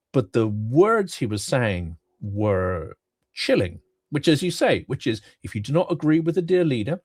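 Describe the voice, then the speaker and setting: A man co-hosting a political talk show, speaking in an articulate, measured way with some fillers. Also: medium pitch, dry recording, studio quality. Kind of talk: political commentary chat.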